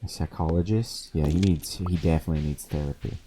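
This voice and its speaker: Over music, a man with a very deep voice talks a little fast as he streams a video game into a desk mic. He spins casual stories between plays, laughing and swearing freely throughout.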